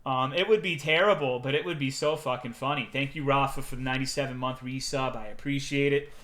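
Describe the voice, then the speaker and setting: A young man streaming, telling profane, animated anecdotes to his chat and acting out the quotes. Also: medium pitch, a little fast. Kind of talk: casual storytelling to chat.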